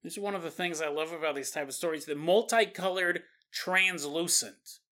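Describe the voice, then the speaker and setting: A man's voice: fairly high pitch, normal speed, pushed and bright. A man hosting a podcast, telling a story in a casual, conversational way with asides to the listener. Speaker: podcast host.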